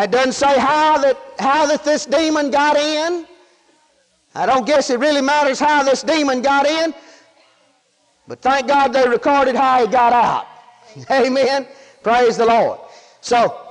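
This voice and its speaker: High-voiced preacher in an echoing hall. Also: male voice. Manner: folksy, emphatic, rhetorical questions to the congregation. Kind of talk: sermon.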